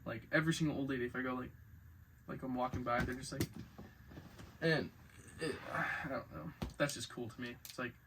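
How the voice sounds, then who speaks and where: A man's voice: medium pitch, steady tone, fairly quick, pauses often. A young man in his late teens talks straight through a personal vlog monologue. His voice sits in an ordinary middle register, and he wanders from point to point with plenty of fillers. A faint hiss lies under the recording. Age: under 20s. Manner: casual, meandering, heavy filler words. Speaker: vlogger.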